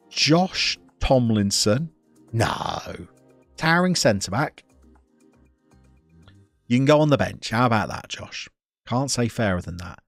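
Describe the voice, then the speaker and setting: A man's voice: fairly low pitch, vocal fry, a bit bright, dry recording. A man giving chatty, playful live commentary on a football management game as he streams it, talking to the players and to his chat.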